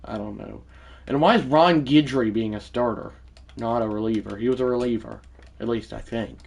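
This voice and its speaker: A man streaming a sports video game, talking to his viewers in a mid-pitched voice. He rambles through asides and gets easily frustrated and irritated. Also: moderate pace, gravelly, breathy edge. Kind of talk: live-stream gameplay commentary.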